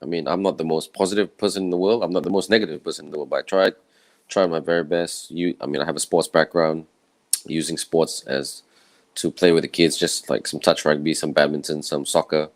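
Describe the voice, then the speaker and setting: A man from Malaysia, speaking in a croaky, tired voice in an earnest, conversational personal talk to camera. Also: a bass voice, steady tone, brisk, dry recording. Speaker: summit speaker. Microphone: own camera setup with a clip mic.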